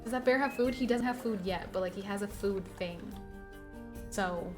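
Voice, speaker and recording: A woman with a mid-range voice streams a game live, chatty and playful. She scolds and pleads with the game animals and laughs at herself, with clear game music running underneath. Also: mid-range voice, moderate pace. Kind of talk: live gameplay stream commentary.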